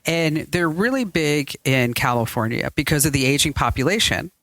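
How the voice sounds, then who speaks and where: Lively, bright-voiced woman podcast host. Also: low voice, normal speed, no echo. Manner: chatty, laughs often. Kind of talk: casual chat. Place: studio with chairs.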